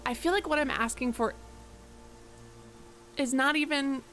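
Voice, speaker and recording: A woman's voice: high-pitched, a little slow, fairly bright tone. Chatty woman streamer over game music. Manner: chatty, swears at enemies, talks to chat. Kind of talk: casual live-stream gameplay chat.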